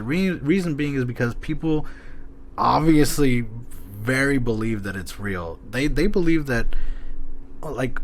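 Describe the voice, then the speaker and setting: A man co-hosting a podcast, rambling and excitable with lots of fillers and casual swearing. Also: on the low side, a little hiss or hum. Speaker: podcast co-host.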